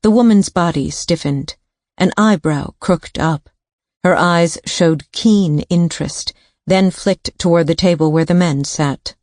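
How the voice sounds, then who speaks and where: A woman reading a thriller audiobook in a steady, even narration on a studio mic. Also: on the low side, measured pace, no room sound.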